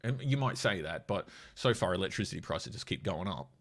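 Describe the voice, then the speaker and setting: An Australian man with a slightly low voice, fighting off a cold. He talks in a blunt, sweary, mocking way, casually ranting about politics. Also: expressive, a little fast, vocal fry. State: has a cold. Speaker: commentator.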